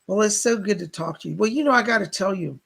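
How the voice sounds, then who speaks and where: A man's voice: high voice, fast talker, vocal fry, fairly bright tone, poor audio. A middle-aged man hosting a live psychic stream, who talks in a gushing, chatty way full of exclamations. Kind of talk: casual live-stream chat.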